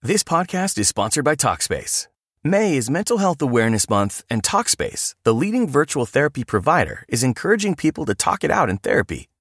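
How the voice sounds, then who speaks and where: A man reading a sponsor spot in a polished promotional manner. His pitch swoops all over its range, and the sound is dry and close. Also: sing-song, a little fast, a bit bright, breathy edge, no echo. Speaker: ad reader. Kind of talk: scripted ad read.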